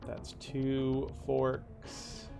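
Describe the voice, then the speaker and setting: A man's voice: mid-range voice, monotone, drawn-out words, gravelly, warm tone, faint music behind. A man casually commenting while playing a video game, muttering directions to himself with sudden surprised exclamations. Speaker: gaming streamer. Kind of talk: casual let's-play commentary.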